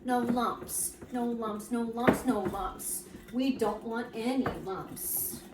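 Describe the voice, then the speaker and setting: A woman's voice: fairly high pitch, slow, far from the mic, very noisy. Playful woman baking in an echoey kitchen. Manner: goofy, jokes and chats to herself while working. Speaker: baking show host. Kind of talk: playful cooking demonstration.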